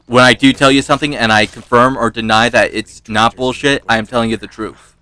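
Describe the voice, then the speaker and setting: A man's voice: medium pitch, fairly even intonation, fairly quick, bright, forceful tone, clean tone, dry recording. A man giving casual let's-play commentary, rambling through personal stories, laughing often and swearing freely. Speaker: gaming YouTuber.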